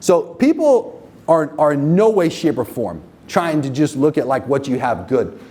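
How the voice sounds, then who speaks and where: A man presenting a live sales-and-marketing seminar to a room of business owners, with a raised, lively pitch that jumps around a lot. He talks bluntly and swears freely, constantly checking in with the crowd. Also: measured pace. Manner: profane, emphatic, asks the audience constant checking questions.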